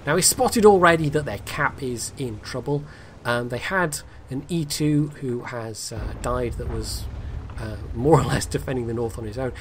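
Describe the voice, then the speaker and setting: A man's voice: mid-range voice, normal speed, a little hiss or hum. A man giving casual, rambling commentary on a game replay, full of fillers and dry asides.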